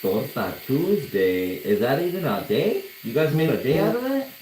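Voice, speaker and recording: A tattoo artist talking casually on a live stream, full of slang and swearing. His voice sits at an ordinary man's pitch and rings in a roomy space. A loud buzzing hum runs steadily under everything he says. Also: sing-song, moderate pace. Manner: laid-back, slangy, swearing, laughing at his own story. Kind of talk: casual livestream storytelling. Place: tattoo studio during a live session.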